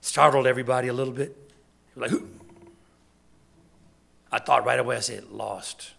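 A man's voice: medium pitch, little pitch movement, very fast, vocal fry, fairly bright tone. A man serving as deacon, preaching a sermon in an emphatic, conversational way, with lots of repetition.

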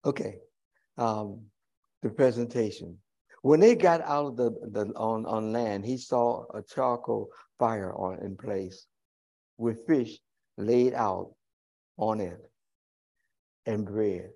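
A male pastor delivering a sermon in a dark, mellow voice. He talks to the congregation in a folksy, chatty way, drifting into humorous asides and plain everyday comparisons. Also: fairly low pitch, slow pace, long pauses.

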